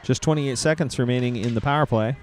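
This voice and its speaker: A man's voice: medium pitch, fast, a little hiss or hum. A man adding color commentary and game updates to a youth hockey broadcast. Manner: chatty, adds game facts and banter.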